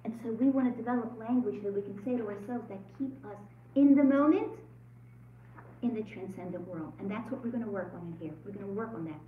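A woman's voice: medium pitch, fast, slight background noise. Woman leading a faith class, earnest, questions to the group; lo-fi, echoey, mic far off. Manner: earnest, asks the room questions. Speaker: teacher leading a women's study group. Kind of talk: religious class talk. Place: room with a group. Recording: echoey lo-fi room recording from far off.

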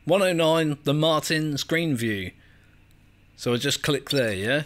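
Lively English man playing a game. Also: on the high side, unhurried. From England. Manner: chatty, self-mocking, laughs often, reads on-screen text aloud. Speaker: gaming video creator. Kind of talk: let's play commentary.

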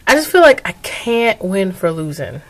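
A woman's voice: mid-range voice, very animated, normal speed. A young adult woman talking through her video diary, weary and emotional, rambling. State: tired. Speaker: vlogger.

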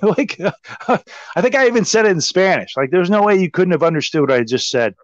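A man guest telling a story in a casual, animated and profane way, full of "like". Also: sits high, a little fast, no room sound. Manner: animated, profane, heavy use of "like". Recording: slightly dull, dry sound.

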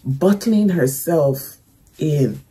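A young woman casually talking through her reaction to a movie, emotional and soft-spoken, fond with her viewers. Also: low voice, animated, very slow, breathy edge, poor audio.

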